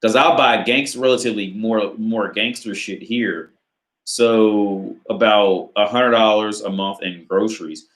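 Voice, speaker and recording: A man's voice: lowish voice, steady tone, a little slow, reverberant. A man hosting a casual live Q&A on dating, reading out viewer questions and answering in a rambling, profane way full of filler words. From United States. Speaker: dating advice channel host.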